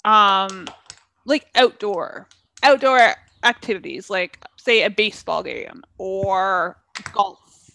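A woman's voice: mid-range voice, takes it slowly, gravelly, sharp tone. A young woman co-hosting a casual chat podcast, breezy and laughing often as she lays out context. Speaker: podcast co-host.

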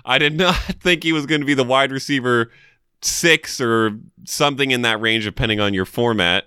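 A man's voice: mid-range voice, moderate pace, pushed and bright, clean tone, dry recording, studio quality. A man co-hosting a fantasy football podcast, chatting in a laid-back way and laughing easily. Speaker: podcast co-host. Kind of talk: casual sports chat.

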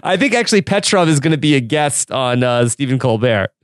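A man's voice: medium pitch, expressive, brisk, no room sound, clean studio sound. A man hosting a casual TV recap podcast, chatty and laughing often. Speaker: podcast host.

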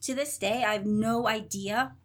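Animated woman telling her story. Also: on the high side, moderate pace. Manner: animated, acts out dialogue, laughs often, swears. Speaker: interview guest. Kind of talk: candid storytelling interview.

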